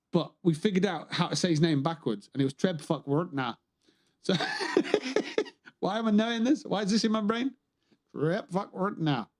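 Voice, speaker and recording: A man's voice: on the high side, darkish tone. A man on a gaming livestream, chatting casually, rambling and joking, swearing freely. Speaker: streamer.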